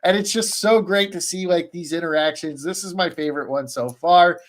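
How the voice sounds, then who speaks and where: A man on a streamed podcast call, recapping an anime in a rambling, excitable way, full of fillers and restarts. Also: fairly high pitch, brisk. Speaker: podcast panelist. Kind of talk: casual chat, recapping an anime.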